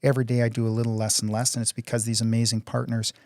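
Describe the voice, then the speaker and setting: A man's voice: medium pitch, monotone, rapid-fire, a little mellow, no room sound, clean studio sound. A middle-aged man, a council candidate and oil company CEO, speaking earnestly in a casual interview with frequent restarts. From Canada.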